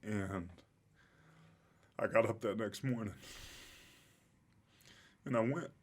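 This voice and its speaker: Low-voiced man telling his story. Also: slow. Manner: reflective, heartfelt, openly emotional. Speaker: podcast guest, former pro football player. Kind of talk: interview storytelling.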